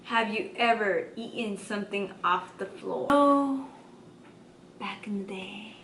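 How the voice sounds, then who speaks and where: A young woman answering questions in casual chat, giggly and unhurried. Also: mid-range voice, fairly bright tone, echoey room, far from the mic, a little hiss or hum. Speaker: vlog co-host.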